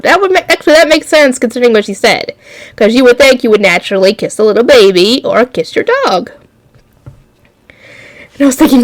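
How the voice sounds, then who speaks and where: A woman casually recapping an anime episode for her channel, rambling and excitable, jumping into loud shocked outbursts. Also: a little high, dry recording. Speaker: anime reaction YouTuber.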